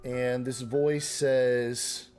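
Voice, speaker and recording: A man's voice: mid-range voice, level tone, very slow, darkish tone, faint music behind. A man narrating a tabletop game as game master, loose and chatty. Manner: loose and chatty, with fillers and restarts.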